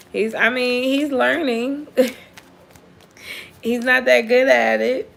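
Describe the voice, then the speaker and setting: A woman's voice: a little high, extremely slow, gravelly, a bit bright. Blunt, laughing woman reading tarot. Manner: blunt, profane, laughs often. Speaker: tarot reader. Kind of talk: casual live tarot reading with viewer questions.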